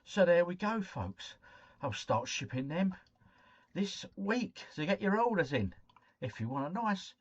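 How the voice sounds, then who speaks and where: A man's voice: high-pitched, very animated, a little slow, no echo, highs cut off. A man hosting a casual live stream at home, chatting and greeting viewers by name. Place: at home, drinking cider.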